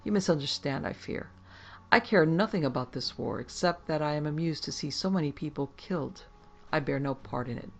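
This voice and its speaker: A woman voicing a gaunt, sinister gentleman sorcerer who speaks in a well-bred, superior way with a faint foreign accent. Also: deep voice, a little fast, slight background noise. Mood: scornful.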